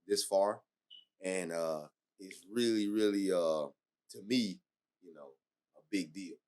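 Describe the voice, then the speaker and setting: A man hosting a podcast, asking halting, rambling questions with many fillers. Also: deep voice, darkish tone. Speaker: podcast host. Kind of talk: casual interview talk.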